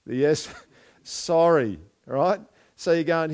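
A man's voice: on the high side, animated, slow, a little mellow. A man preaching a sermon in a casual, conversational way, acting out quoted apologies with animation. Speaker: pastor.

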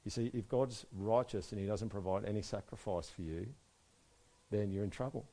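A man preaching a sermon, moving between soft, quiet stretches and loud, emphatic passages. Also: fairly low pitch, moderate pace. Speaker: pastor.

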